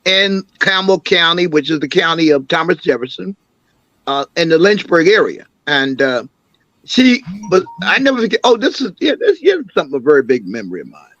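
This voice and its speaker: An older man, an imam and councilman, recounting family memories as an interview guest with an animated, storytelling manner. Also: a little high, brisk, no room sound, lo-fi sound. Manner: animated storyteller, acts out quoted voices.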